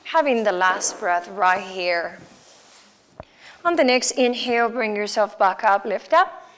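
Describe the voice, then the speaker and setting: A woman with a Mexican Spanish accent, guiding a yoga class with calm, slow cues for breath and poses. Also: mid-range voice, a little hiss or hum. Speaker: yoga instructor. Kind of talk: guided yoga class instruction.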